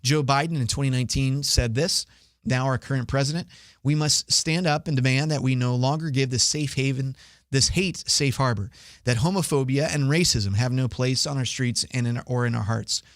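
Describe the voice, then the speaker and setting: A man's voice: mid-range voice, normal speed, dry recording, clean studio sound. Opinionated man hosting a commentary podcast. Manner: opinionated, argumentative, with many "uh" fillers. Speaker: podcast host. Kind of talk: solo commentary on the news.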